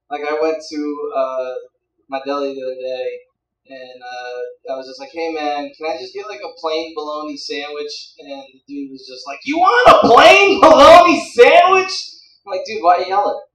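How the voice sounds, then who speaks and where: Rambling young comedian in a roomy club. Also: male voice, fairly high pitch. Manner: rambling, crowd-teasing. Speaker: stand-up comedian. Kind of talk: stand-up comedy. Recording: roomy club sound from a distance.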